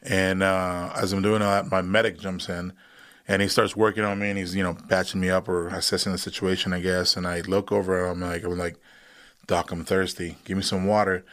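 A man in his thirties, a veteran guest on a podcast, telling a long story in a casual, animated way and acting out what others said. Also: low voice, a little fast. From United States. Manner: animated retelling, acts out quoted voices.

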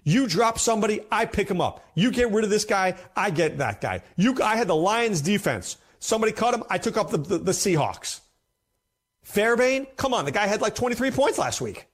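A man's voice: high-pitched, sing-song, moderate pace. A man hosting a fantasy football show, talking casually and emphatically, often repeating himself for effect. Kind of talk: casual commentary to camera.

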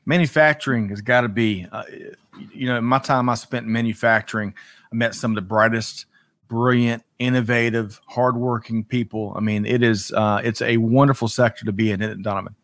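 A male host greets viewers by name, upbeat and chatty, often tripping over his words. His voice sits at a middle pitch. The sound is dry, with no room echo. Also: steady tone, a little fast, fairly bright tone. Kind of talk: livestream talk show.

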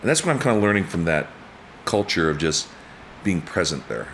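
Deep low guy in his 50s, animated storyteller, little bit of hiss behind him. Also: brisk. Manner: animated storyteller, acts out quotes with big pitch jumps, laughs often. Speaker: guest. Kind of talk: casual storytelling chat.

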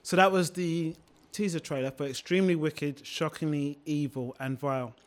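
Male podcast host, casual chat, slightly high voice, playful, laughs a lot. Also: fairly even intonation, normal speed, soft background music. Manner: chatty, laughing, playful teasing.

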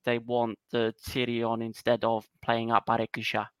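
A man co-hosting a podcast, retelling things in a rambling, animated way with lots of fillers. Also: mid-range voice, moderate pace, clear, resonant tone, dry recording. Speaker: podcast co-host. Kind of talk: casual chat.

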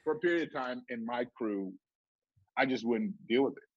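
A middle-aged man telling a story in casual chat, animated and swearing, acting out what people said in a raised voice. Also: mid-range voice, normal speed, no echo. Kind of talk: casual storytelling with acted quotes. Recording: dull lo-fi.

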